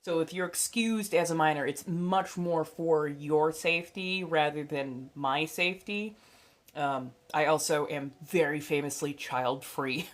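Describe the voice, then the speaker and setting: A woman's voice: sits low, measured pace. A young adult woman hosting a casual livestream, chatty and blunt, swearing freely and dotting her talk with fillers and laughs. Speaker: livestream host and tarot reader.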